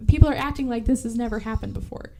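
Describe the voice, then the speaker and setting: Woman podcast host, fairly high voice, lively casual recap, acts out lines, swears a lot. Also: fast, soft background music. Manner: animated storytelling, acts out characters' lines, swears freely. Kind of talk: casual chat recapping a movie.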